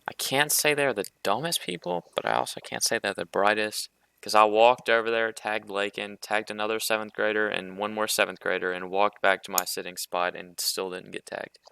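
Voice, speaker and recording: A man's voice: fairly low pitch, fairly even intonation, moderate pace, creaky, sharp tone, clear, resonant tone, no room sound. A young man co-hosting a podcast, telling stories in a laid-back, joking way. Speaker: podcast co-host. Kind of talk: casual chat.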